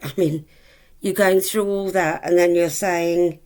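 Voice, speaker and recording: Woman in her forties, deep voice, slow and halting, lots of ums, affectionate vlog chat. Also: fairly even intonation, darkish tone. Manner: rambling, hesitant, full of ums, affectionate. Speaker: vlogger. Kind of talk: casual chat to camera.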